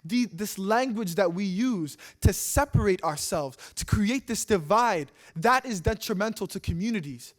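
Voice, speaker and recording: A man's voice: sits high, expressive, moderate pace, few pauses. A young man from Canada giving an earnest, impassioned spoken-word talk on a stage, with rhythmic repeated lines. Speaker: speaker at a public talk. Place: live stage talk in a city hall.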